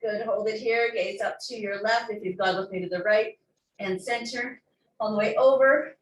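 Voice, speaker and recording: A woman's voice: medium pitch, steady tone, moderate pace, a little hiss or hum. Woman coaching a stretch class in an echoey room. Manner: encouraging, breath-led instruction with playful asides. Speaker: fitness instructor. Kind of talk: guided workout cues. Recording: echoey room, mic far off.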